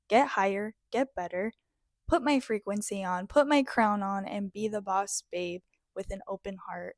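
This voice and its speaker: A woman giving a reflective, motivational self-help talk in an earnest, heartfelt way, pausing often between phrases. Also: medium pitch, dry recording, studio quality. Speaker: spiritual self-help speaker.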